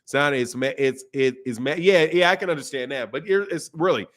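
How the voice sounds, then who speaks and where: A man's voice: medium pitch, brisk, a bit bright. A man with a Southern US accent hosting a boxing live stream, talking casually and reading out chat messages in a laid-back, slangy way. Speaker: boxing channel host.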